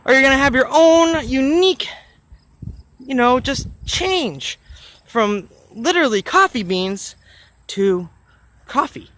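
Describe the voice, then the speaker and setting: A man's voice: very high-pitched, expressive, slow pace, pauses often, a bit bright, no room sound. A man telling a motivational story on a vlog, rambling and earnest, with lots of fillers along the way. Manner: earnest, encouraging. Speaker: motivational vlogger.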